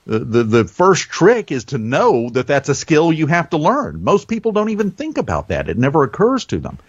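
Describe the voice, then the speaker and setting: A man with a softened Southern American accent, a veteteran radio host being interviewed, telling stories and deliberately shifting his speed and pitch. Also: husky, no room sound, dull audio. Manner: animated storyteller, varies speed and pitch deliberately. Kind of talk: conversational podcast interview.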